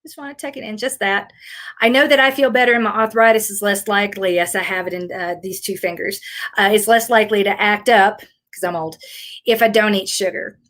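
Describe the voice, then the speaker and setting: A woman's voice: mid-range voice, steady tone, a little fast, fairly bright tone. A middle-aged woman from rural Tennessee with a Southern accent, chatting casually and rambling a little as a fitness coach in a live Q&A. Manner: chatty, rambling, self-deprecating.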